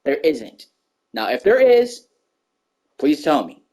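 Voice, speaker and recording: A woman's voice: low-pitched, sing-song, slow, dark tone. Fired-up woman ranting a storytime. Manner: emphatic, repetitive, swears freely, stammers when worked up. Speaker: storyteller vlogger. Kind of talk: storytime rant to camera.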